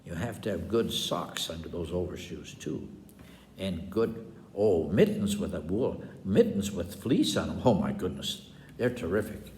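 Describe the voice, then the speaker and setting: A man's voice: low voice, very animated, a little slow, darkish tone, slight background noise. Chuckling older man telling folksy stories. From Wisconsin, USA. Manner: rambling, chuckling, with asides. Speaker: storyteller. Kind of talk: folksy storytelling for children. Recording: echoey room with long reverb.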